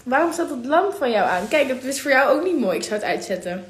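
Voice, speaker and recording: A woman's voice: sits high, sing-song, fast talker. A Dutch-accented woman, the host's sister, chatting on a phone live stream with teasing, bossy sisterly banter. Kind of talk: casual live-stream chat. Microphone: phone camera. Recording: echoey room with clear noise.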